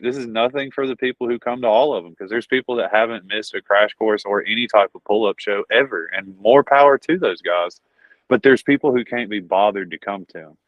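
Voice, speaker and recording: Southern male wrestler, low voice, casual and profane interview talk, lo-fi dry recording. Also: no echo. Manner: profane, rambling, says "dude" and "bro". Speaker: pro wrestler guest. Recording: dull lo-fi dry audio.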